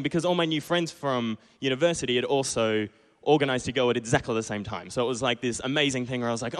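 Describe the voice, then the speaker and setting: A man's voice: mid-range voice, fast, few pauses, big-room sound. A young man in his twenties from Perth with an Australian accent, telling a self-deprecating true story live on stage and acting out his own past lines. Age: 20s. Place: small pub stage.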